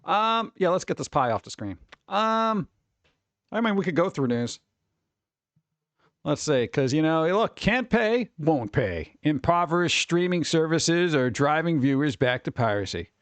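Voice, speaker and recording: A man hosts a casual live-stream chat in a somewhat high voice that swings up and down a lot as he talks. His delivery is wisecracking and sarcastic. The sound is dry, with no room echo. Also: sing-song, measured pace. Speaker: streamer host.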